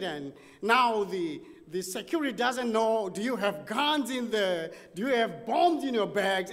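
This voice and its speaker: A male preacher with a very high voice tells a story in an animated, dramatic way, his pitch leaping and dropping. A long reverb trails each phrase, as in a large church sanctuary. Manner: animated, dramatic storytelling with sudden drops and rises. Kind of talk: sermon storytelling.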